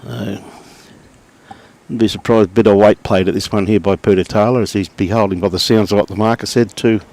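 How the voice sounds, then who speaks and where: A middle-aged man with an Australian accent calls a lawn bowls match live in an easygoing, chatty way. His voice sits a little low. Between shots he greets viewers by name. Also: fairly even intonation, brisk, a little mellow. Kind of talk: live sports commentary and chat to viewers.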